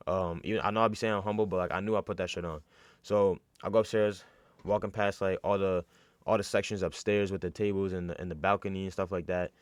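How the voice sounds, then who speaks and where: A man's voice: low-pitched, steady tone, fast, smooth, no room sound. A young man from New York telling a casual, slangy story with lots of fillers and restarts.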